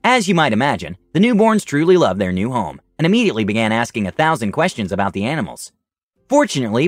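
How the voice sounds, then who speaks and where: A man's voice: mid-range voice, no echo. A man narrating a first-person fantasy story in a dramatic storytelling manner. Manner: dramatic storytelling, lively rise and fall.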